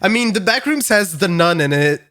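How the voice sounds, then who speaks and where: A man with a high voice that swoops up and down, cracking crude, excitable jokes. He talks in casual comedy podcast banter. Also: normal speed, no room sound, studio quality.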